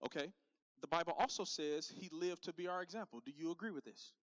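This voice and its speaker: A man's voice: on the high side, brisk, a bit bright, no room sound, muffled recording. A man giving a direct, punchy youth sermon as pastor, talking straight to his crowd.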